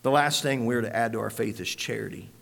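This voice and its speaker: A man preaching a sermon as pastor, swinging from hushed, quiet passages to loud shouted peaks. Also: medium pitch, brisk, gravelly. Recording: long hall reverb.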